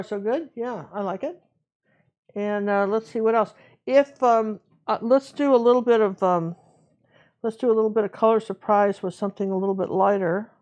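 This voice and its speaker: Woman painting instructor, casual running commentary, mid-pitched, slightly muffled audio. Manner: relaxed, chatty, talks to herself while working. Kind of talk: live painting tutorial.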